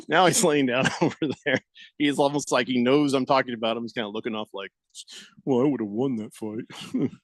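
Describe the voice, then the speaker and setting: Lively, breathless male radio host. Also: fairly high pitch, no room sound. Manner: animated storyteller, laughs often. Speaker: radio sports talk host. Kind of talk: casual radio chat. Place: radio studio. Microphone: studio microphone.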